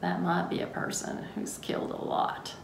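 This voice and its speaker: A woman's voice: moderate pace, lightly acted. A woman with a Texas accent voicing a blunt, matter-of-fact rural cemetery caretaker in a plainspoken drawl, reading a novel's prologue aloud. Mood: grim, matter-of-fact. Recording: roomy room, faint noise.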